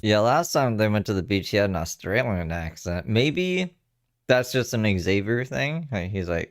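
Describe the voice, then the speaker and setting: Man, low voice, dry close sound, casual livestream reaction, swearing and laughing. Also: expressive, moderate pace, dry recording. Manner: chatty, swearing, laughing asides. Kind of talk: casual live reaction commentary.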